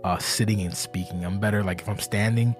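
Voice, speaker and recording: Sitting indoors with faint music behind him, the leader of an online wrestling game league addresses his community in a quick, fairly low-pitched, fairly even voice. The podcast talk is loose and profane, he keeps cutting himself off, and he comes across as weary and anxious.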